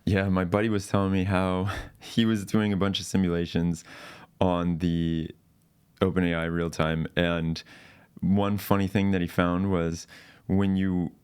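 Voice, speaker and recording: A man's voice: low voice, measured pace, clean tone. A man hosting a podcast, asking casual questions and telling stories with easy laughter. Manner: casual, laughs easily, animated storytelling. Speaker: podcast host. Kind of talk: casual interview chat.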